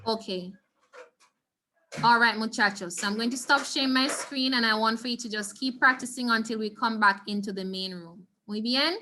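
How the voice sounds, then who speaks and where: A woman with a Jamaican accent teaching a Spanish class over a video call, encouraging her students and slowly repeating key words. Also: a little high, bright, forceful tone, slight background noise.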